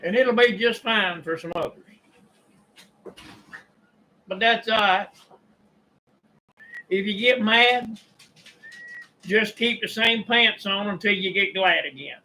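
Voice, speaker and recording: An older man with a Kentucky drawl, talking in a rambling, folksy monologue and clearing his throat often. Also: sits high, slow pace, long pauses, bright, forceful tone, a little hiss or hum, rough recording. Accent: Southern US (Kentucky). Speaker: YouTube preacher and storyteller. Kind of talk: casual monologue.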